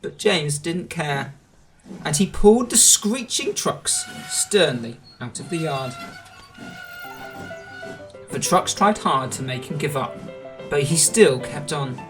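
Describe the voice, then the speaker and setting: A man reading a children's storybook aloud in a gentle, expressive way. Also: a little high, slow, pauses often, faint music behind.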